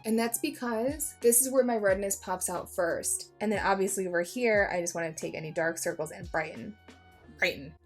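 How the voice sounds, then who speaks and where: A beauty vlogger gives a casual makeup tutorial, chatty and jokey, swearing freely and tossing in self-mocking asides. Her voice is mid-range at normal speed, with soft music playing in the background.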